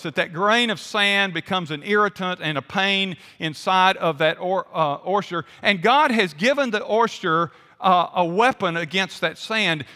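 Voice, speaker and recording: Guy preaching, chatty, asks the crowd questions, bright voice, big hall echo. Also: high-pitched. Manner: conversational, quizzes the congregation. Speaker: pastor. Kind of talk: sermon. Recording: long hall reverb.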